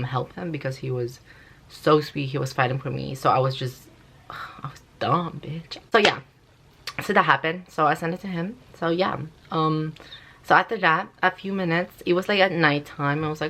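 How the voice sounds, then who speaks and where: A woman's voice: extremely low pitch, gravelly, fairly bright tone, slight background noise. A young woman vlogger telling a story casually, rambling and swearing, with constant "like"s. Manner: rambling, profane, full of "like".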